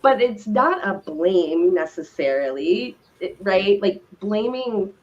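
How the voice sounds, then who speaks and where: A middle-aged woman co-hosting a live stream talk show, speaking in a slow, reflective and affirming way. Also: mid-range voice, animated. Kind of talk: casual conversational chat. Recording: dull lo-fi stream audio.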